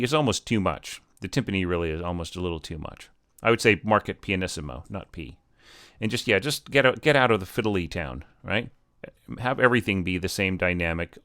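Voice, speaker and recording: A man talks through a score as a teacher, rambling and encouraging, with lots of fillers and restarts. His voice is smooth and resonant, sitting a bit low, and the sound is close and dry with no room around it. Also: fairly bright tone, no echo. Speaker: orchestration teacher reviewing scores. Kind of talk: casual spoken score critique.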